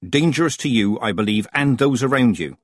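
A man's voice: medium pitch, lively intonation, brisk, dry recording, clean studio sound, lightly acted. A man voicing a stern, commanding old woman witch in a storybook, clipped and cold.

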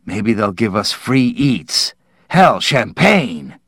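Brash, loud spaceman, storybook audiobook, voiced by a male narrator. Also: on the low side, very animated, slow, breathy edge, dry recording, studio quality, heavily acted. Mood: boastful. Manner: loud, boisterous. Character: brash boastful male astronaut, loud, returning home.

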